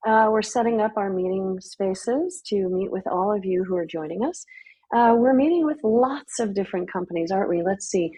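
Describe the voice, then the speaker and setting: A woman's voice: medium pitch, normal speed, dark tone, slightly rough, rough recording. A woman co-hosting a podcast in a casual chat, talking in a chatty, bubbly way. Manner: chatty and bubbly, laughs often. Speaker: podcast co-host.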